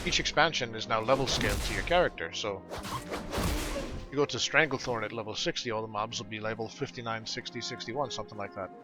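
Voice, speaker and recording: Chatty man narrating his gameplay. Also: medium pitch. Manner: chatty and rambling, with fillers. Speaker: gaming video host and streamer. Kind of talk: casual gameplay commentary. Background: game music.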